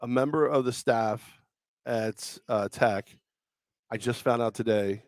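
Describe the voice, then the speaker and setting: Loud, animated male radio co-host. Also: mid-range voice, a little slow, no echo, studio quality. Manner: loud storyteller, acts out voices with shouts. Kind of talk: casual sports talk banter. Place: live remote broadcast at a car dealership.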